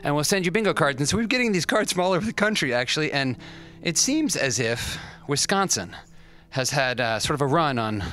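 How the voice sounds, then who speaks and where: This livestream host, a man from the American West Coast, works through fan mail on a restaurant stream, hesitant and meandering, poking fun at himself and leaning on fillers. He speaks at a fairly high pitch, expressively, with a slightly bright tone.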